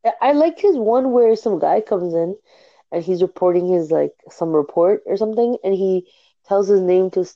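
A woman's voice: medium pitch, expressive, normal speed, warm tone, lo-fi sound. A young woman from Canada in casual conversation, chatty and giggly, with many fillers as she tells stories. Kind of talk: casual chat.

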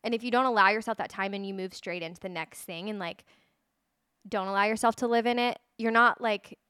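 Woman co-host, smooth clear voice, dry close mic, reassuring. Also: medium pitch, a bit bright, no echo. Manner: reassuring, quick affirmations. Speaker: podcast co-host, wedding planner. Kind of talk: casual chat.

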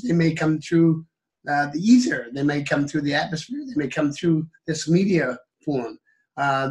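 An older man with a hoarse, fading voice speaking in a casual interview, halting and full of fillers and restarts. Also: on the high side. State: losing his voice, coughing. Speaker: guest, elder and teacher.

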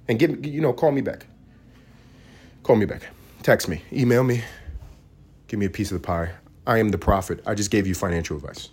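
A man hosting a solo comedic podcast, ranting in a profane, sarcastic way that swings from loud outbursts to low mumbling. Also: breathy edge. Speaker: podcast host.

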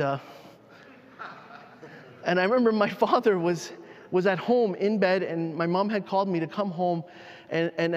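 A high-voiced pastor preaches a sermon, telling a personal story in a halting, heartfelt manner and often restarting his sentences. Long reverb rings through the large hall.

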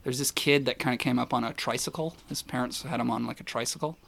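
A photographer telling a long story in a casual, rambling way, with many restarts and fillers. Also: male voice, mid-range voice, fairly even intonation, quick pace, creaky, a bit bright.

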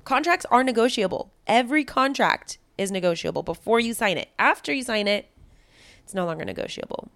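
A woman co-hosting a casual podcast, playfully defiant and quick to laugh, swearing freely between stories. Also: a little high, lively intonation, gravelly, fairly bright tone, no room sound. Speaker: podcast co-host.

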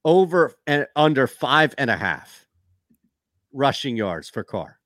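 A man co-hosting a casual sports talk show, joking and animated in quick back-and-forth. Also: medium pitch, no room sound, studio quality.

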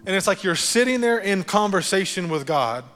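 A man preaching a sermon as pastor, animated and jokey, repeating key phrases for emphasis. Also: sits high, normal speed, big-room sound, soft background music.

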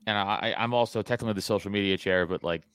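A man's voice: on the low side, rapid-fire, clear, resonant tone, dry recording, studio quality. A man hosting a casual podcast chat, swearing a lot and restarting his sentences as he talks. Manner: profane, animated, frequent restarts. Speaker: podcast host.

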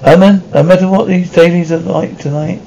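A fussy vampire housewife. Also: female voice, lowish voice, steady tone, normal speed, gravelly, warm tone, a little hiss or hum, poor audio. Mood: scolding. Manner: fussy, scolding. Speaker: sitcom actress. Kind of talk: 1960s sitcom acting.

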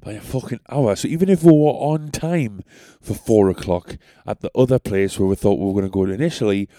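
A man's voice: fairly low pitch, brisk, mellow, no echo. Sweary, rambling man. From North East England. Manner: rambling, sweary, self-deprecating. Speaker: podcaster. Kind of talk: casual storytelling.

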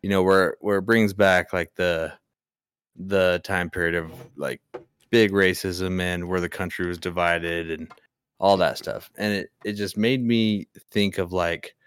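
Deep, smooth-voiced young man, laid-back. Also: fairly even intonation, unhurried. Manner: laid-back, rambling, wry jokes. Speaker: podcast co-host. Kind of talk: casual chat.

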